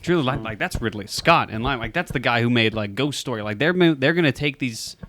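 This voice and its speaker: A man's voice: mid-range voice, animated, a little fast, a bit bright, a little hiss or hum. A young man co-hosting a podcast, chatting casually and enthusiastically about films, with many "like"s. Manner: enthusiastic, fills speech with "like". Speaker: podcast co-host. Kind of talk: casual movie chat.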